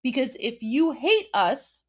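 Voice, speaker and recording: A woman's voice: high voice, very animated, slow. A woman from Iran hosting a live commentary stream, talking emphatically with frequent fillers and restarts. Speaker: host.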